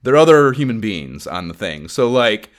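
A man's voice: fairly low pitch, very animated, moderate pace. Rambling, profane man. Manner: rambling, profane, filler-heavy. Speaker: podcast co-host. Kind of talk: casual gaming podcast chat.

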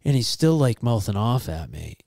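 A man, telling a wild anecdote in an animated, profane, casual chat. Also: lowish voice, moderate pace, dry recording, clean studio sound.

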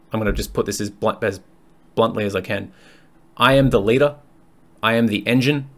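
A male fitness coach hosting his own podcast, speaking in a somewhat low voice. He talks frankly and bluntly, swears freely, and rambles in a loose, conversational way, as if thinking out loud. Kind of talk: candid solo podcast monologue.

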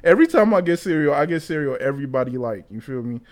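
A married man hosting a podcast in casual chat, telling stories in a laid-back way and drawing some words out slowly. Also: on the high side, lively intonation. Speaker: podcast host.

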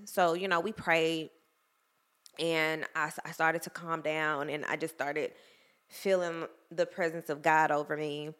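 A woman's voice: deep voice, flat delivery, a little slow, fairly bright tone, clean tone. A young woman chatting candidly to camera, emotional and full of fillers. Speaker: vlogger. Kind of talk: casual chat to camera.

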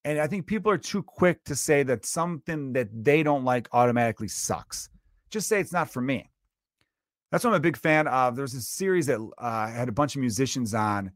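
Fast-talking man hosting a podcast. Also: medium pitch, no room sound, studio quality. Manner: conversational and animated, swearing, acting out quotes. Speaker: podcast host. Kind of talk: solo comedy podcast rant.

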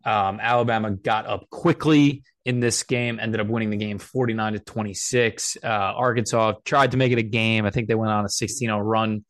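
Low-voiced man hosting casual sports chat. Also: moderate pace, hardly any pauses, dry recording. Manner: relaxed, hesitant, drops fillers and swears. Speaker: podcast host.

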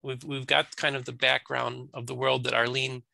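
Gravelly bright-voiced male interviewer. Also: medium pitch, level tone, no echo. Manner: halting, with restarts. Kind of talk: conversational interview.

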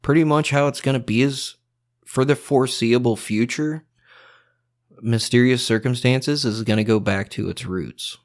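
A man's voice: mid-range voice, moderate pace. A man hosting a podcast, talking bluntly in a heated, profane, unscripted rant. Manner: heated, blunt and swearing constantly. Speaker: podcast host.

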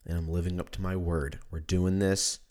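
Deep-voiced drunk, congested man rambling. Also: little pitch movement, normal speed, a little mellow. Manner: rambling and profane. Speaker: podcast host. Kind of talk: casual solo monologue. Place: at home.

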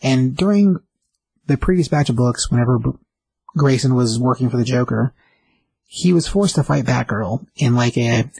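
A man's voice: mid-range voice, normal speed, vocal fry, a little mellow, breathy edge, no room sound, rough recording. A man casually retelling a comic book story as a recap host, loose and chatty. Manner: loose and chatty, with many fillers and restarts.

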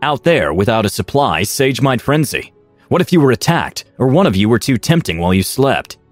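A man's voice: medium pitch, sing-song, normal speed, no echo, faint music behind. A man voicing a stern, wealthy older father and shrewd businessman who speaks in a cold, commanding way.

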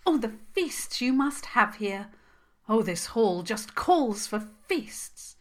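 A woman voicing a clever, stubborn young princess in a children's story, speaking loudly, slowly and emphatically, higher than her narration. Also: sing-song. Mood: emphatic. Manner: loud, slow, coaxing and emphatic.

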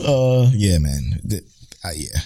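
A man's voice: low-pitched, very animated, slow pace, vocal fry, dark tone. A young man hosting a casual podcast chat, rambling and swearing freely as he corrects himself mid-sentence. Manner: rambling, profane, self-correcting. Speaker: podcast host.

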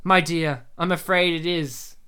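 A man's voice: fairly high pitch, steady tone, unhurried, sharp tone, smooth. Man reading as a solemn dying father.

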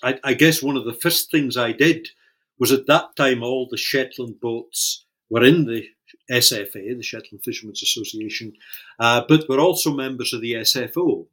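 A man's voice: medium pitch, moderate pace, fairly bright tone. A man being interviewed about his working life, speaking thoughtfully and often repeating words while he gathers his thoughts. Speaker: interview guest, fishing industry leader. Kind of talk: recorded oral-history interview.

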